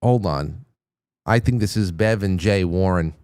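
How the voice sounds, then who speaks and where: A man's voice: sits low, measured pace, a little mellow, smooth, no echo. A man hosting a talk show in casual on-air chat, rambling with lots of restarts and stammers.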